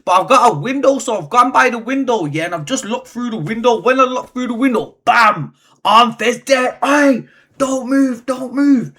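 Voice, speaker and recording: A man telling a story in a casual vlog, animated and slangy, swearing freely. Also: very high-pitched, moderate pace, slightly rough. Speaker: vlogger.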